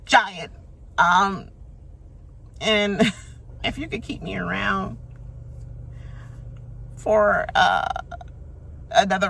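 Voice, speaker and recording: Woman doing a male houseguest pleading to stay: airy, soft, raised pitch. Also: heavily acted. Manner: breathy, soft and pleading, with half-whispered lines.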